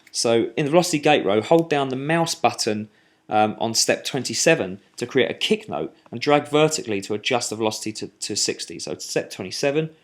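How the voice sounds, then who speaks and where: Male tutor, mid pitch, halting walkthrough of music software while clicking. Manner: talks while clicking, halting with fillers and restarts. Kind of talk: screen-recorded software tutorial.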